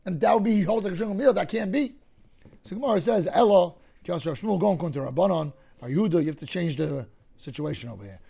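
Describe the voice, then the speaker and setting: A man teaching a Talmud class, explaining cases through lively hypothetical scenarios and often clearing his throat. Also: high voice, quick pace.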